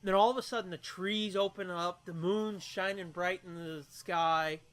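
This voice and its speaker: A man's voice: high-pitched, steady tone, moderate pace, a bit bright. A man co-hosting a podcast, recapping a movie plot in crude, profanity-heavy casual chat. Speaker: podcast co-host.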